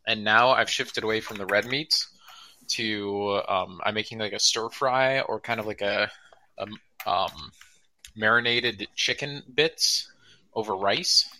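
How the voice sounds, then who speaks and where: Low, very bright-toned man. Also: unhurried, slight background noise, poor audio. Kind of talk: casual chat. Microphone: video call.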